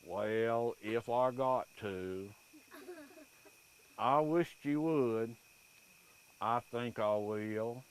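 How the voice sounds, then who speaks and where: A man voicing an old country wife who talks out of the side of her crooked mouth in a slow drawl. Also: medium pitch, clear, resonant tone. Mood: fussing.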